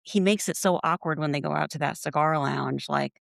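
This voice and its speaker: A woman's voice: sits low, moderate pace, creaky, no echo, studio quality. A woman co-hosting a podcast in casual chat, laughing often and acting out what others said. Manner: chatty, laughs often, acts out quotes. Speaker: podcast co-host.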